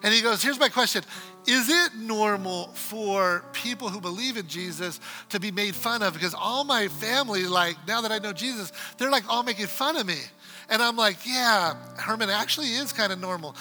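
A man preaching a sermon and telling a story, acting out the dialogue and swinging from loud exclamations to quiet asides. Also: high-pitched, animated, fairly quick, faint music behind. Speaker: pastor.

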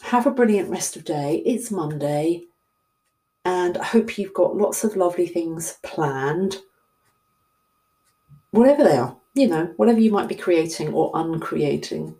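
A woman's voice: fairly low pitch, expressive, unhurried, warm tone. A middle-aged woman with a southern English accent, a coach chatting casually to her viewers in a rambling, self-deprecating way. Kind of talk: casual talk to camera.

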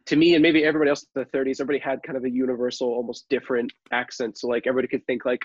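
A man in a casual podcast chat with a husky, mid-pitched voice. He rambles and hesitates, circling back as he talks. His sound is dull and dry, as if from a lower-quality mic. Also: little pitch movement, racing, hardly any pauses, no room sound. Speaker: podcast co-host.

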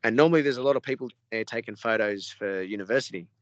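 A man's voice: lowish voice, quick pace, dry recording, highs cut off. Swearing Australian man telling a story. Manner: swears often, rambling and animated. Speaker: podcast guest. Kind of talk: casual storytelling.

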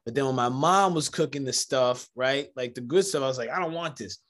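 A man hosting a casual conversation, telling animated stories and acting out the voices of people in them. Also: medium pitch, brisk. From United States, Jamaican family. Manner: animated storyteller, acts out quoted voices. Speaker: podcast host.

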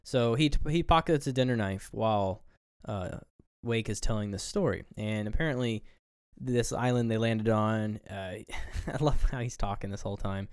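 A man's voice: on the low side, moderate pace, clean tone, no room sound, studio quality. A man co-hosting a casual film review chat, rambling through scenes and acting out quoted lines. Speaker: podcast co-host.

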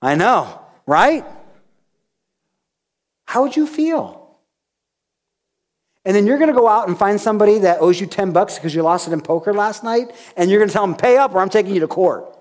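A man's voice: sits high, fast talker. A male pastor preaching a sermon, retelling a scripture story with acted-out dialogue. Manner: animated storytelling, acting out dialogue.

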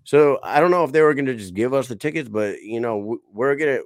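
A man's voice: mid-range voice, animated, fast, dry recording, studio quality. A man in his thirties hosting a casual fight podcast, brash and profane as he tells stories. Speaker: podcast host.

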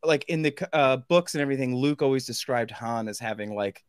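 Man, casual podcast chat, rambling, filler-heavy, mid pitch, dry sound. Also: a little fast, clean tone, dry recording. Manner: rambling, many fillers and restarts.

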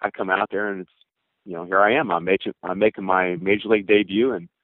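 A man in his sixties, a former baseball pitcher, telling long rambling stories in an interview and acting out old conversations. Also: fairly even intonation, quick pace, no echo. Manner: rambling, with many fillers and acted quotes. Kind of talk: storytelling interview answers. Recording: tinny phone-line sound.

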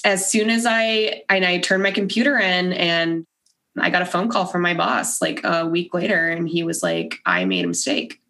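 A woman with a low voice chats as a podcast guest, her story told in an easy, everyday way. She is animated and full of "like", and she acts out the words of the people she quotes. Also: normal speed. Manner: animated, acts out quoted dialogue, heavy use of "like". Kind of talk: casual conversational storytelling.

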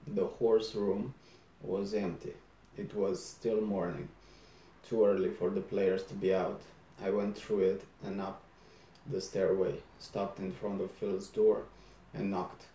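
A man narrating a first-person story aloud in a measured, deadpan manner. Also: low-pitched. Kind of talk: first-person audiobook reading. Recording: roomy echo.

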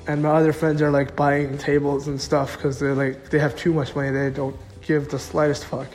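A man's voice: fairly high pitch, little pitch movement, normal speed, faint music behind. A young man telling a personal story in a casual, rambling way, full of filler words.

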